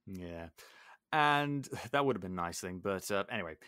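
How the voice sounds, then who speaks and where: A British man hosting a podcast in casual chat, excitable and sarcastic. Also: low-pitched, normal speed, clear, resonant tone, dry recording, clean studio sound. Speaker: podcast host.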